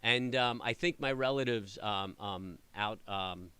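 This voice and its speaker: A middle-aged man chatting casually with viewers, telling rambling, animated stories full of fillers. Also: on the low side, a little slow, clean tone. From New York area. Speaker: trading channel host. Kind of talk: casual chat answering live viewers.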